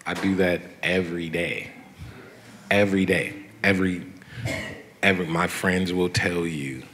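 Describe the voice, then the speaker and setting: Low-voiced excitable man in his thirties. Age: 30s. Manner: animated, storytelling, laughs often, slangy. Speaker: guest artist. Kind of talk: excited live talk on stage. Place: event venue before a live audience.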